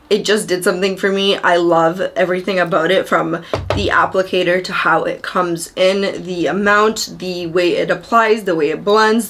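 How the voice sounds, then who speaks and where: A woman's voice: fairly low pitch, fairly even intonation, normal speed, fairly bright tone, a little hiss or hum. A young woman talking casually to camera in a makeup review video, gushing and chatty, addressing her viewers directly from a room at home. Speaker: beauty vlogger. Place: upstairs room at a family home.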